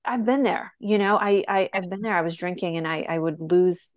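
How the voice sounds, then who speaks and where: A woman's voice: on the low side, moderate pace, no echo, studio quality. A woman co-hosting a podcast as a health coach, giving earnest advice in casual chat with frequent fillers.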